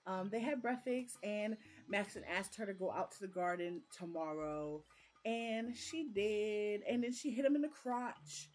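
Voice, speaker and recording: A woman's voice: medium pitch, darkish tone. A young woman recapping a book chapter in a rambling, chatty way, full of fillers, on a casual live stream. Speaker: book vlogger.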